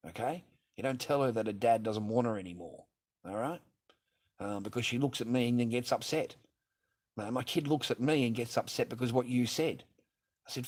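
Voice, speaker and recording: A man, ranting profanely and repetitively in a livestream monologue from his garage. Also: lowish voice.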